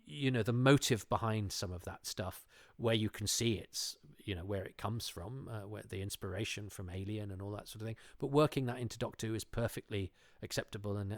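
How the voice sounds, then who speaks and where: A man's voice: fairly low pitch, no echo. A man chatting casually, enthusiastic and digressive with a self-deprecating streak. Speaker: show panelist. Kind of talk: casual chat.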